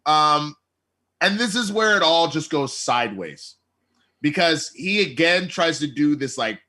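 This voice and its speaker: A man on a podcast, recapping an episode in an animated way and acting out characters' lines. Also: on the high side, measured pace. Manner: acts out quoted lines in lively voices. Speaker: podcast co-host.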